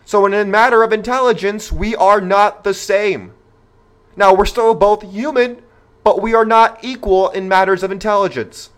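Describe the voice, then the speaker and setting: With a high voice and a moderate pace, the host delivers his podcast monologue. He is opinionated, emphatic and rhetorical, speaking right to the people listening.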